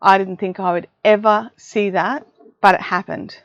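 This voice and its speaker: A woman's voice: medium pitch, steady tone, moderate pace, dry recording. A middle-aged woman with an Australian accent, hosting a casual craft livestream from her home craft room and chatting with viewers in a self-mocking way. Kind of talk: casual live chat. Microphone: desk mic, listening on headphones. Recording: dry, dull lo-fi livestream audio.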